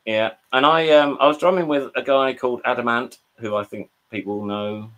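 A man's voice: mid-range voice, steady tone, normal speed, a bit bright. An English man, a drummer, talking over a video call and telling rambling anecdotes with quoted voices and frequent restarts. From England. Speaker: guest, drummer. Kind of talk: casual storytelling interview.

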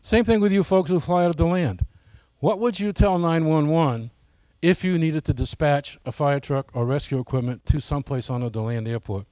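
A man's voice: on the high side, moderate pace, few pauses, a little mellow, no room sound. Folksy man giving a club talk. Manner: folksy, asks the audience direct questions. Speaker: flying club presenter. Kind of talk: casual presentation to club members.

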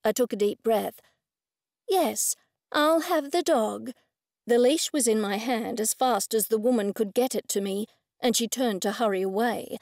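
A woman reading a first-person cozy mystery audiobook in a clear, measured way. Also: on the high side, steady tone, darkish tone, no room sound, clean studio sound. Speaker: audiobook narrator.

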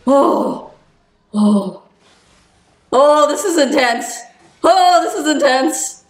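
A woman hosting an anime reaction video, gushing with excited exclamations and shrieks. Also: sits high, drawn-out words. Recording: roomy echo.

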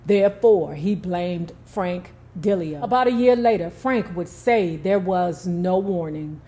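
A woman's voice: on the low side, lively intonation, measured pace, dark tone. A woman telling a true story, reading it out and breaking off for casual, emphatic commentary. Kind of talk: storytelling narration with asides.

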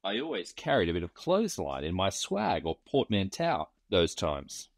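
Wry bushman yarn-spinner, read by a man, lively up and down delivery, dry close sound. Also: low-pitched, normal speed, gravelly, no echo, full character voice. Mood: drawling yarn. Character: weathered male bushman spinning yarns.

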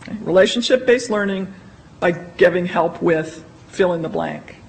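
A woman's voice: fairly low pitch, normal speed, darkish tone, slight background noise, low-quality recording. Emphatic woman presenting to library staff. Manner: emphatic, conversational, acts out quoted remarks. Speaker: library consultant presenting research. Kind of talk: conference presentation.

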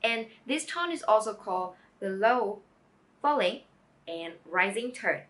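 Slow, bright-voiced woman language tutor. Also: medium pitch, expressive. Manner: slow, careful, encouraging teacher. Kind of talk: pronunciation lesson.

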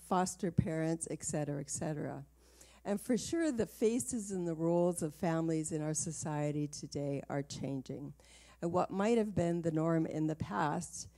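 A woman minister opening a livestreamed church service, chatty and laughing easily. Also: sits low. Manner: chatty and warm-hearted, laughs easily, light fillers. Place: small home worship space.

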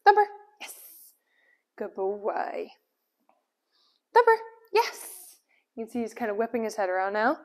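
Woman dog trainer at home, calm explaining, perky name calls and quick praise, mid-pitched voice. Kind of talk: casual training demo. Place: indoors at home.

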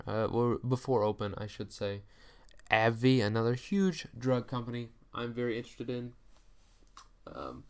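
A man's voice: medium pitch, smooth. A man running through stock earnings in casual solo commentary, joking, ranting at companies and then apologizing. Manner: chatty, jokey, apologizes for mock rants. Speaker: stock market YouTuber.

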